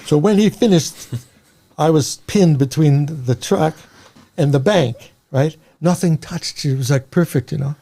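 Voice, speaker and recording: An older man from New York with a New York accent, telling rambling, animated stories as an interview guest and laughing along. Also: fairly high pitch, a little slow, creaky. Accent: American, New York. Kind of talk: casual storytelling.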